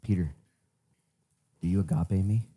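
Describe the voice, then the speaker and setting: A man doing a patient, gentle shepherd. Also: deep voice, unhurried, husky, voice pushed down. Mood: gentle, probing. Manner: calm, repeating questions.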